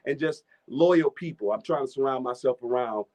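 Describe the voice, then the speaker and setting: A man's voice: mid-range voice, normal speed, a little mellow. A man on a live show as a guest, speaking casually and with heartfelt thanks. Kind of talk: casual call-in chat.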